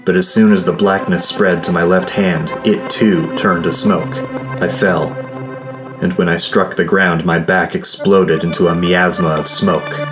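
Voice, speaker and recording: A man with a very low voice telling a first-person adventure story at an unhurried pace. His delivery is measured and steady, with faint music playing underneath. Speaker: narrator.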